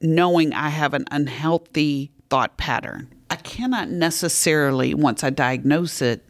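A woman author who is a guest on a faith podcast, telling her own story in a candid, calm way. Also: sits low, a little slow.

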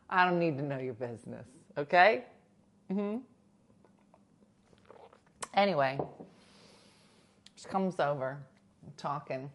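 A chatty woman hosts a casual livestream from home, spinning stories and reading viewers' comments. Her somewhat low voice swings widely in pitch as she acts out what others said. She laughs often between lines. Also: lively intonation, takes it slowly, long pauses. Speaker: livestream host reading chat. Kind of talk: casual chat. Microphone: new desk mic.

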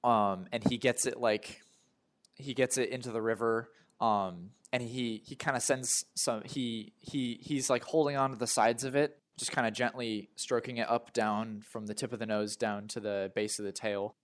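A man's voice: mid-range voice, fairly even intonation, normal speed. A young man, a player, narrating his character's actions in a tabletop game, rambling with lots of "like" and "kinda".

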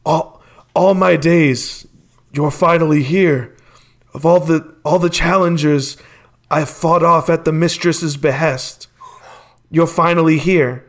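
Weary old golem guardian, slow and resigned, as a game master puts him on; slightly raised voice. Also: male voice, a little high, fairly even intonation. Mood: awed, weary.

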